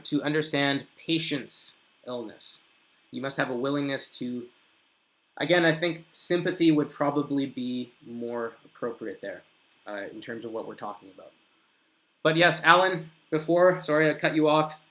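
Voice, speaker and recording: A man teaching an English grammar lesson live, reading viewers' comments aloud, correcting them and drawing out his example sentences slowly. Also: medium pitch, a bit bright.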